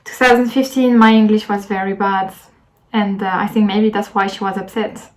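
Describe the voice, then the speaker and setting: A woman's voice: mid-range voice, little pitch movement, moderate pace, low-quality recording. A young woman with a French accent, telling a rambling story to her camera in a casual vlog, with lots of fillers and restarts. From France. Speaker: vlogger.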